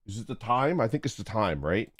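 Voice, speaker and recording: A man's voice: fairly low pitch, sing-song, a little fast, a bit bright, slightly rough, no room sound. A man streaming a game, laughing a lot and getting flustered as he struggles to read German menus. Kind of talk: casual gameplay livestream.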